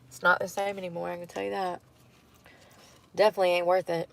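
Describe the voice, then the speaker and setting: A young female vlogger talks fast in a lowish, creaky voice with little pitch movement. She eats in her parked car while chatting casually and laughing often.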